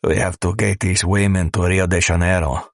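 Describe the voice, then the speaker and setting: Brief: a man reading gruff, menacing criminals, deep-voiced, crude, dry studio sound. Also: flat delivery, normal speed, dry recording. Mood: scheming. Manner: crude, menacing, tough-talking. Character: gruff male smugglers and mafia man. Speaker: audiobook narrator. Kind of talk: scripted audiobook narration.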